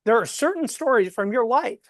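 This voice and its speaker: A man coaching a live webinar on storytelling, folksy and animated as he walks through examples. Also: extremely high pitch, a little fast, no echo, clean studio sound.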